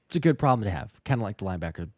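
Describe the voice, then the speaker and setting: A man's voice: fairly low pitch, animated, very fast, dry recording. Chatty man hosting a live Q&A. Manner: loose and chatty, lots of fillers and restarts. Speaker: podcast host reading live questions. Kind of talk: casual live Q&A chat.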